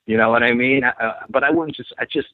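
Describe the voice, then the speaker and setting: A man excitedly retelling a story from his youth, acting out what people said and repeating himself. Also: mid-range voice, fairly quick. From New York. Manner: animated, repeats himself, acts out quotes. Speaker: guest telling an encounter story. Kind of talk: phone-in storytelling. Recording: tinny phone line.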